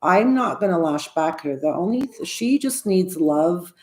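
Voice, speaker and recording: A woman's voice: fairly low pitch, lively intonation, normal speed, a little mellow. A woman in her sixties vlogging to camera in a casual, earnest way, often restarting and circling back mid-sentence. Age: 60s. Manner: rambling, self-interrupting, earnest. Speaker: YouTuber. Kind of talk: casual vlog talk to camera.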